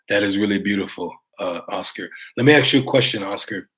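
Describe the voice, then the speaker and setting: A man's voice: on the low side, moderate pace, fairly bright tone. An American man vlogging live, chatting casually to his viewers in a rambling, conversational way, reading their comments aloud and swearing now and then. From United States.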